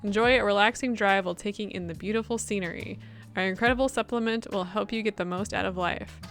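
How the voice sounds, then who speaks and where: Smug middle-aged male executive, boastful pitchman patter, read by a woman in a bright voice. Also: quick pace, faint music behind, natural voice. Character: pompous middle-aged male company president.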